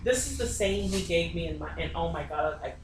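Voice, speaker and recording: A woman's voice: fairly low pitch, lively intonation, fairly quick, slight background noise. A woman psychic medium giving a reading in someone's home, talking bluntly and insistently and swearing often. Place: inside a private home. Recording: echoey room, distant mic, faint ambience.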